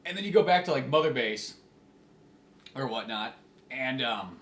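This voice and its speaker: A man's voice: medium pitch, lively intonation, normal speed, a bit bright, reverberant. A man co-hosting a podcast in casual chat, rambling and swearing with lots of fillers. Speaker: podcast co-host.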